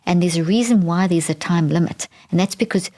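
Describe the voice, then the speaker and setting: A woman's voice: fairly low pitch, a little fast, warm tone. A woman hosting a podcast, explaining earnestly in a monologue and often repeating words and restarting as she goes. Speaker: podcast host.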